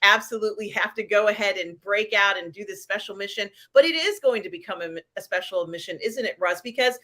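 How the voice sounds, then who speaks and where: A woman's voice: mid-range voice, a little fast, fairly bright tone. A woman hosting a casual live pop culture chat, rambling with lots of fillers and giggles. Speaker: host.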